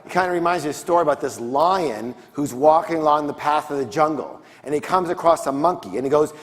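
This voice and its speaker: Speaking quickly with hardly any pauses, a man with a fairly high voice delivers a motivational seminar on stage in a large conference hall. He draws call-and-response answers from the crowd, and the recording carries long hall reverb.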